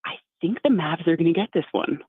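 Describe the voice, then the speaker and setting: A woman's voice: lowish voice, lively intonation, fast talker, slightly rough, dry recording. A woman sports reporter on a radio show, chatty and self-deprecating as she makes her picks. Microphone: phone line. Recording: phone-like call-in line.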